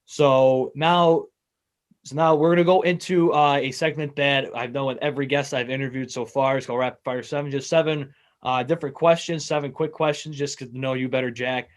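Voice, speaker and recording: A man's voice: medium pitch, steady tone, brisk. A man with an American accent hosting a sports talk show, putting questions to his guest in a friendly, eager way. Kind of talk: casual interview.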